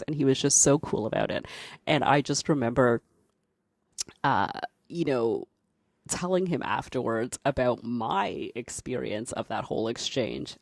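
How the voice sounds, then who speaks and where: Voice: medium pitch, no room sound, clean studio sound. A podcast host telling a personal story in a casual, rambling way, full of "like" and "you know" and frequent laughs. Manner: chatty, heavy use of "like" and "you know"; laughs often while talking.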